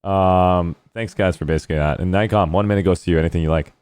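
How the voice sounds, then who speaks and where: A man's voice: low voice, fairly even intonation, fast, darkish tone, smooth, no echo, studio quality. A man hosting a post-match debrief over voice chat, effusive and full of praise. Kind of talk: casual voice chat.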